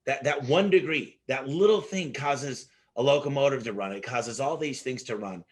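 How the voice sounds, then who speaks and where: A man telling animated stories as an interview guest, acting out the dialogue in his anecdotes with frequent restarts. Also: mid-range voice, normal speed. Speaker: business owner guest. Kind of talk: casual interview storytelling.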